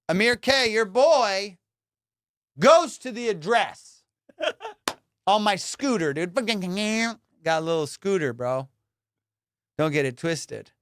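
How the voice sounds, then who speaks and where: A young man hosting a comedy podcast, telling a story in an animated, slangy way, acting out voices and laughing often. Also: high-pitched, dry recording, studio quality.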